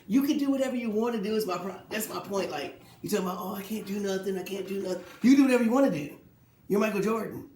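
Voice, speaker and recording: Animated man ranting about sports, echoey room. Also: a little high, slight background noise. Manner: animated, rhetorical questions, mocking quotes. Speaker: sports talk host. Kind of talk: casual solo sports commentary.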